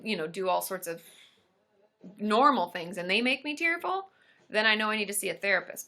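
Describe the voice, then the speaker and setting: Bright, chatty woman therapist live. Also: mid-range voice. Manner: chatty and upbeat, with many fillers and quick asides. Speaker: therapist hosting a live stream. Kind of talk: casual live-stream chat answering viewer questions.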